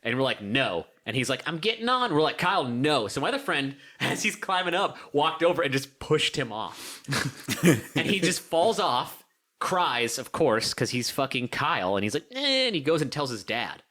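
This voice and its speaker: This young man, a co-host on a laid-back podcast, speaks in a mid-range voice at normal speed. Telling his story, he stays animated, breaks into frequent laughter and acts out the voices.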